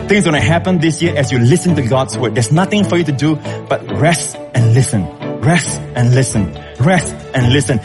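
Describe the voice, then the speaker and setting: A man preaching a sermon as pastor, emphatic, with sudden leaps in pitch when stressing a point. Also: lively intonation, normal speed, over music.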